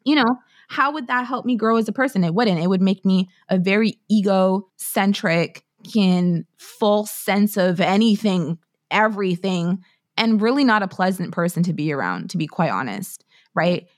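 A woman's voice: medium pitch, expressive, normal speed. A woman from Canada in her thirties, an author talking candidly and bluntly in an interview, with plenty of slang and swearing. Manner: blunt, profane and emphatic, full of slang. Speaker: author and podcast guest.

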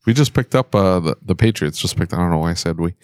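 A male co-host chatting casually, teasing and retelling stories with quick quoted bits. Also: sits low, lively intonation, a little mellow, smooth, no echo, clean studio sound. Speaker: podcast co-host. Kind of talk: casual chat.

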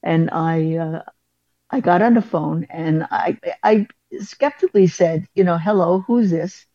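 A woman's voice: low voice, measured pace, mellow, dry recording, highs cut off. A woman school principal, telling a story in an interview with many fillers and restarts.

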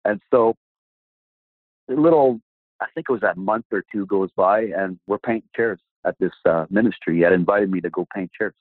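A man's voice: lowish voice, fairly quick, no echo. A man as a guest, telling a personal testimony animatedly and acting out the dialogue. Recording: dry, phone-like line.

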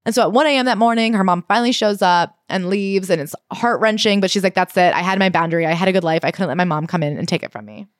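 A woman's voice: mid-range voice, quick pace, hardly any pauses, no echo, studio quality. A young adult woman, a podcast co-host, casually retelling a memoir and acting out the quoted voices. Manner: animated storyteller, acts out quoted voices.

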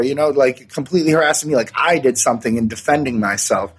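A man's voice: mid-range voice, fast, hardly any pauses, husky. A young man, bluntly recounting a story in casual, profane talk with plenty of fillers. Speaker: interviewee recounting an assault. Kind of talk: casual first-person storytelling.

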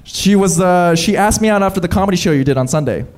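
A man with a high, lively voice is a comedian guest on a live podcast. He tells self-deprecating stories about himself, and his pitch swings widely as he speaks into a stage microphone. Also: fast.

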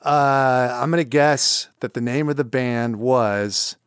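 A man hosting a loose, joking podcast conversation, ribbing his guest in a dry, deadpan way. His voice sits at an ordinary middle pitch, and the sound is close and dry with no room echo. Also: takes it slowly, clean tone. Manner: teasing, deadpan jokes. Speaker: podcast host. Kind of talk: casual chat.

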